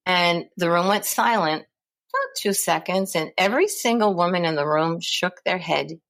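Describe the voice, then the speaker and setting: Middle-aged woman chatting in an interview, animated, does little voices for people she quotes. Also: fairly low pitch, normal speed. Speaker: guest, founder of a parent support center. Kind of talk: conversational interview storytelling.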